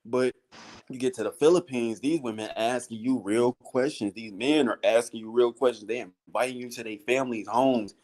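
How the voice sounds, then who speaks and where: A man's voice: a little fast, hardly any pauses. A man on a podcast casually telling a story in slang, calling his listeners "bro". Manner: animated storytelling with slang, often acting out high-pitched voices. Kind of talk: casual chat.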